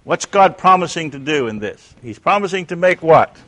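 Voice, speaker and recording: A man teaching a Bible class who questions his listeners, answers himself, and swings between loud emphasis and hushed tones. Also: fairly high pitch, lively intonation, moderate pace.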